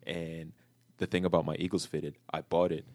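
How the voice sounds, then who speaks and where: A man from New York hosting a podcast, telling animated, profane stories in casual banter. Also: a bass voice, moderate pace, dry recording. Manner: animated, profane storytelling with shifting energy. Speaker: podcast host.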